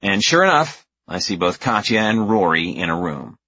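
A man reads a first-person story in a low, husky voice, with a wry, exasperated manner. His delivery is lively, rising and falling widely. The recording is dry and a little dull. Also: moderate pace, no echo. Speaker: narrator. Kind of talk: first-person audiobook narration.

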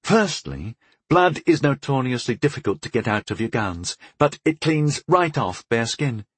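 A man voicing a young woman healer in her twenties who is patient, amused and matter-of-fact, in a husky storybook reading. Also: medium pitch, animated, a little slow, no echo. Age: 20s.

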